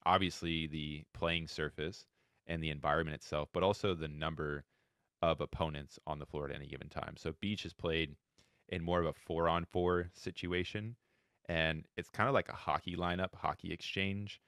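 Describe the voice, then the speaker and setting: A man from Florida with a very deep, resonant voice. He tells his coaching story at length, acting out the people he quotes. The recording is close and dry. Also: moderate pace, no room sound. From Florida, USA. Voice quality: very deep, smooth voice. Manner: animated storytelling, acts out quoted dialogue. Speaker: guest, wheelchair handball head coach. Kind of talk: podcast interview storytelling.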